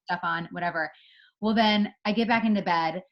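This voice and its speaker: A woman's voice: on the low side, moderate pace, highs cut off. A woman chatting casually with a friend over a video call and telling a story, with lots of filler words. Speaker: co-host of an online moms' meet-up.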